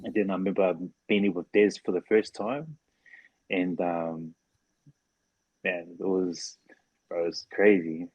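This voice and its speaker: Low husky-voiced man, relaxed rambling chat. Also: measured pace, long pauses, no echo, muffled recording. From New Zealand. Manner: laid-back, rambling, full of "like" and "bro". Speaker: podcast guest, former rugby league player. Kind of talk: casual interview chat. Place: podcast studio.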